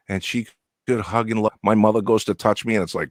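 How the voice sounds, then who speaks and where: Low-voiced joking man. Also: fairly even intonation, fast talker, no room sound, studio quality. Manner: joking, crude, laid-back. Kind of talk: casual livestream chat.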